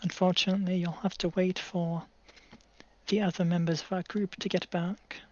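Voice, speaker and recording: A player voicing a calm woman adventurer. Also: medium pitch, moderate pace, lo-fi sound, lightly acted.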